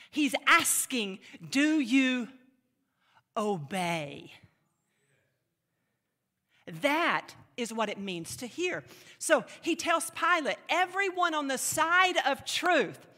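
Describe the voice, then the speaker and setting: A woman delivers a sermon with emphatic, animated energy and a high, bright voice. She acts out playful mock voices to drive her points home. Her words ring with the long reverb of a large hall. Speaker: preacher.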